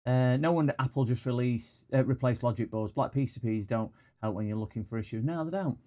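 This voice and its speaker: Speaking at a medium pitch, brisk but mellow, a broad-accented Scottish man repairs computers during a live stream, welcoming viewers and rambling through stories. The high frequencies in the audio are cut off.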